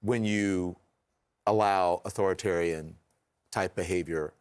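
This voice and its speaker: Earnest low-voiced news anchor. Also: male voice, fairly even intonation, unhurried, clear, resonant tone. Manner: earnest and emphatic. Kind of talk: televised news discussion.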